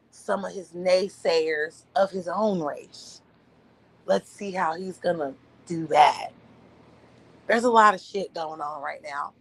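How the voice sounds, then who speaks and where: A woman's voice: gravelly, rough recording. Blunt, profane woman ranting on a livestream. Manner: blunt, profane, ranting, mimics others in a high voice. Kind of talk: casual livestream rant. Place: at home, partner asleep beside her.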